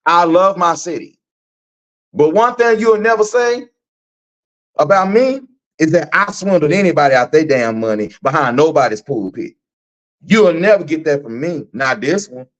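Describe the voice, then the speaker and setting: Animated, profane Texan man on a live rant. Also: fairly high pitch, normal speed, highs cut off. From Texas. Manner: animated, repetitive, preachy and profane. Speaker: host.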